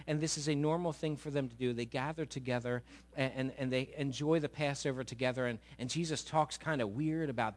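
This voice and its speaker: A male pastor preaching a sermon, retelling stories with lively, animated delivery and repeated words. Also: mid-range voice, fast.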